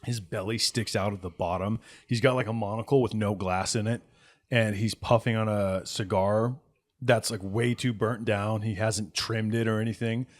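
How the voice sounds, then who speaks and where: A man's voice: fairly low pitch, fairly even intonation, moderate pace. A man narrating a tabletop game as game master in a casual, chatty way with many fillers.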